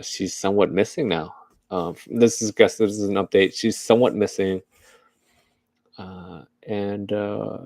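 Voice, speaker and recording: Low gravelly dude rambling about the news, dry close sound, keeps saying right?. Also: male voice, a little mellow, no room sound. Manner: loose and chatty, keeps asking "right?". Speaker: news commentary vlogger. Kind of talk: casual rambling commentary.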